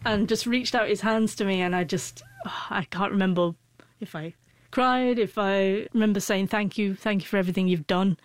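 A woman's voice: medium pitch, normal speed, hardly any pauses, dry recording. A woman in her forties, an interview guest who stutters, with frequent broken-off sounds and restarts as she tells a personal story.

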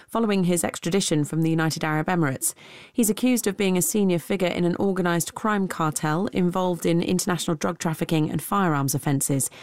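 A woman reading a radio news bulletin in a crisp, even, formal delivery. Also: lowish voice, dry recording, studio quality. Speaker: newsreader. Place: radio studio.

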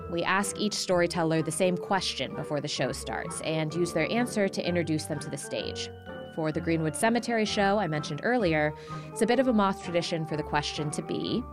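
Woman radio host, lowish voice, scripted measured narration, music underneath. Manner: measured, reads introductions.

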